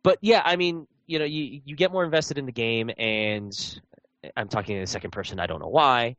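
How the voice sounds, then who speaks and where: A man's voice: medium pitch, fairly quick, fairly bright tone, no echo. Rambling man telling a gaming story. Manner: rambling storyteller, many fillers and restarts. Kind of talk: casual chat.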